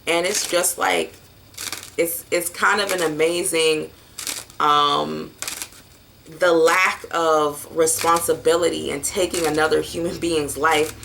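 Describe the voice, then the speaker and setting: Tarot reader, woman, lowish pitch with a bright edge; blunt, unhurried, salty talk. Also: gravelly, a little hiss or hum. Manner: blunt, casual and profane, with many fillers. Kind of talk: casual tarot reading video.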